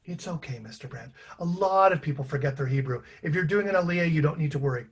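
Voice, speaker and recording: A man's voice: fairly high pitch, expressive, fast, husky. A man playing a patient, dry woman rabbi. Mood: reassuring. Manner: reassuring, dry understatement. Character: calm woman rabbi, patient and gently wry. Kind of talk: one-man stage reading.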